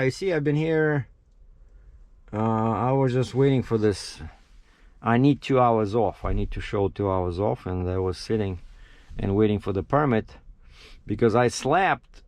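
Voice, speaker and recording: Animated trucker telling road stories. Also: male voice, medium pitch, dry recording. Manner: animated, acts out his own quotes, laughs at himself. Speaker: truck driver. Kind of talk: casual vlog storytelling.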